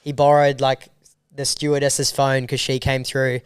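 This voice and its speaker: An Australian man, a filmmaker guest, telling a story in a casual interview with a rambling, animated manner and casual swearing. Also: mid-range voice, normal speed, smooth, no room sound.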